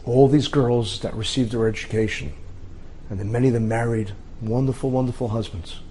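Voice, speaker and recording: A middle-aged man, a rabbi, telling an inspirational story in short, dramatic phrases with pauses. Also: mid-range voice, steady tone, dark tone, a little hiss or hum.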